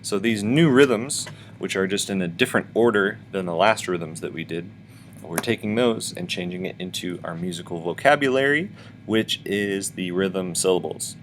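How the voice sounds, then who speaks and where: A lower-voiced man teaches a music lesson to schoolchildren over a webcam, chanting rhythms for them to echo back. His manner is patient and instructive. A faint hiss of background noise sits under the recording. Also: normal speed. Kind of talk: virtual music lesson for children.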